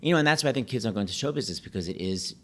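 Guesting on a podcast, this pianist and Broadway host chats casually and tells animated stories at a rapid clip. He slips into high, exaggerated voices whenever he quotes someone.

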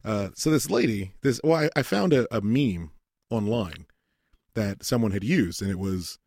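A man's voice: lowish voice, moderate pace, creaky, dry recording, studio quality. A man telling a rambling, profane story in casual chat, often quoting people in put-on voices. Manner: rambling storytelling, heavy swearing, animated quoted voices. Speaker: podcast host.

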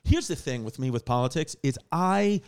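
A man's voice: on the high side, expressive, moderate pace, clean tone. A man, hosting a podcast in loose casual banter, rambling and joking crudely. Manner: rambling, laughing, crude jokes.

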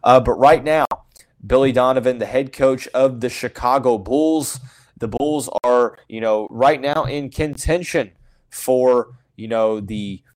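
A man's voice: mid-range voice, measured pace, darkish tone. A man hosting a solo sports podcast, giving frank opinions in a loose, rambling way full of "you know" fillers. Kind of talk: casual solo sports commentary.

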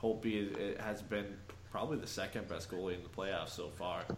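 Brief: male co-host, lowish, echoey room, faint ambience, measured and hedging. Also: fairly even intonation, background noise. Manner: thoughtful, hedging, laughs between points. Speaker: podcast co-host. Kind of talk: casual sports talk.

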